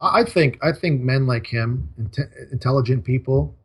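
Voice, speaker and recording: A man's voice: medium pitch, moderate pace, breathy edge. A man talking as an interview guest, emphatic, in short punchy sentences. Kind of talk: casual interview talk.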